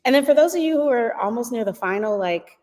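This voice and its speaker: A woman's voice: fairly high pitch, animated, quick pace, a little mellow, long reverb tail. A woman in her thirties, a guest in a casual interview, chatty with frequent laughs and fillers.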